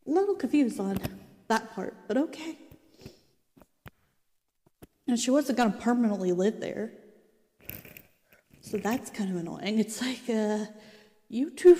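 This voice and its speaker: A woman's voice: medium pitch, mellow, in a large hall. A young woman casually reading about an old sitcom and reacting, chatty and exasperated, with many asides. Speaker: vlogger reading and reacting to a show's history.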